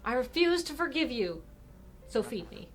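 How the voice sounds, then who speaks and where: A woman's voice: high-pitched, sing-song, moderate pace. A woman voicing a flirty, teasing man who courts the heroine, read aloud from a visual novel. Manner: smooth, teasing, dramatic sulking.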